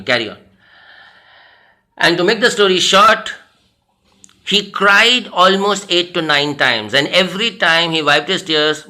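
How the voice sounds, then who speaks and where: Indian English male motivational trainer, slightly high, very sharp bright tone, earnest and repetitive for emphasis. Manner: earnest, repeats phrases for emphasis. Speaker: personality development trainer. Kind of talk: motivational storytelling talk.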